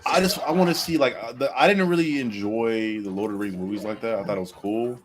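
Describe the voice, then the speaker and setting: A man chatting casually on a gaming stream, slangy and excitable, swearing freely. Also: medium pitch, fast, crowd noise. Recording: stream mic with loud game noise.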